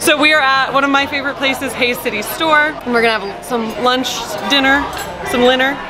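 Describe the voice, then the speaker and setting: A woman's voice: high-pitched, steady tone, fairly quick, over loud music, over a noisy crowd. A young woman with a bubbly, giggly, chatty manner, talking casually to a handheld camera for her travel vlog. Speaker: vlogger.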